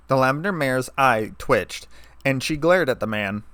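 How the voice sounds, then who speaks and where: A man reads a fan story aloud in a steady, even narrating voice. His pitch is middling for a man. The recording is dry and close, with no room sound. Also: normal speed, clear, resonant tone, no echo.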